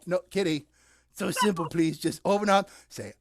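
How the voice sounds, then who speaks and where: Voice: medium pitch, measured pace, no room sound, studio quality. A puppeteer narrating a nursery rhyme in a playful, theatrical, sing-song way.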